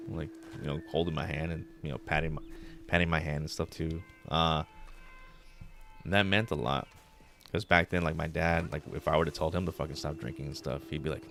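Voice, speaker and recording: A man's voice: a bass voice, a little fast, creaky, slight background noise. A man in his thirties streaming a game, chatting casually in a rambling, laid-back way, swearing often and dropping in Spanish words. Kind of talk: casual chat while gaming.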